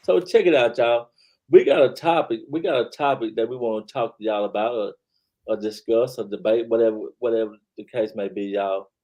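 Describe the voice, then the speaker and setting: A man hosting a casual live-stream talk show, speaking. His voice is mellow and dark at an ordinary pitch. He talks in an easy, laid-back way, sprinkling "man" and "y'all" throughout. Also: brisk. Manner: laid-back, repeats "man" and "y'all", reads chat aloud.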